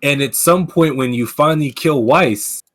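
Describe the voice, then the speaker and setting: A man's voice: a little high, normal speed, fairly bright tone. A man hosting a casual gaming podcast, ranting with plenty of swearing and filler words. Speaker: podcast host. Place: streaming setup.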